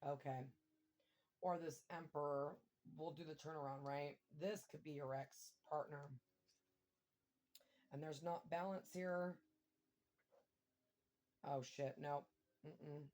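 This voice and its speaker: A woman giving a casual tarot reading, thinking aloud and breaking into excited exclamations and mild swearing. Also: low voice, slow, pauses often. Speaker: tarot reader.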